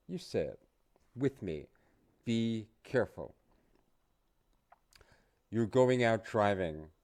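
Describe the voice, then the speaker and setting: A middle-aged man teaching English phrases to learners, repeating each phrase slowly and casually. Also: on the low side, a little mellow. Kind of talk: casual online English lesson.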